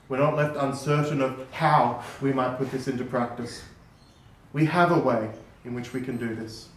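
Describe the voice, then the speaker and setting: A man, a priest, delivering a sermon in a measured, earnest way in a church, heard from a distant mic. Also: mid-range voice, slight background noise. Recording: roomy church echo from far off.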